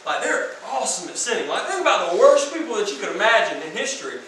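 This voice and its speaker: A man preaching a sermon as youth pastor in a casual, slangy, animated way, in a large room. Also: high voice, fast talker. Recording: echoey room from far off.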